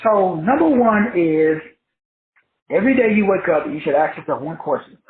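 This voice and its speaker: Host-teacher man, high-pitched, preachy and colloquial, heard through a tinny phone-like line. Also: expressive, moderate pace, echoey room. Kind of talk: motivational lecture.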